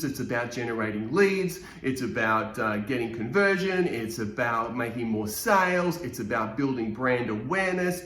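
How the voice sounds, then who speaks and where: A man's voice: medium pitch, a bit bright. A man presenting a social media marketing training to a live event audience, in an upbeat, motivational way. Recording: roomy echo.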